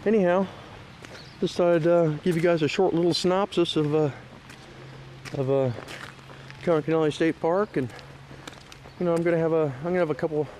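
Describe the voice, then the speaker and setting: A man's voice: a little high, fairly even intonation, brisk, pauses often, darkish tone, slight background noise. A man on a one-take outdoor park tour, talking in a rambling, hesitant way with lots of fillers, at times heated and at times choked up. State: emotional, teary at times. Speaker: vlogger giving a park tour. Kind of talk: casual one-take outdoor vlog talk. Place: outdoors at a lakeside state park.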